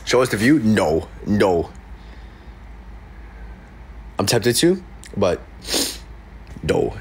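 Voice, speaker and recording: A man's voice: fairly low pitch, very animated, drawn-out words, a little mellow, slightly rough. Sniffly, playful young man streaming live. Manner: playful, jokey, reacting to comments. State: sniffly with a cold. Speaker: livestreamer reading chat. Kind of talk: casual livestream chat. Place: his room in an apartment. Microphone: desk mic.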